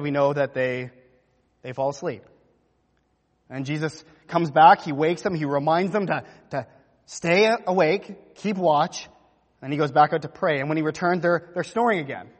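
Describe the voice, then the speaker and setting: A man's voice: fairly high pitch, in a large hall. A man preaching a sermon, telling the story vividly and acting out the quotes. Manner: animated storytelling, acts out quotes. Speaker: pastor.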